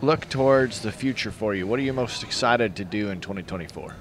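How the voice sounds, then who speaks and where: A man hosting a podcast interview, wry and relaxed, in a convention hall as booths come down. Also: on the low side, brisk. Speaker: podcast host. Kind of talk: casual interview.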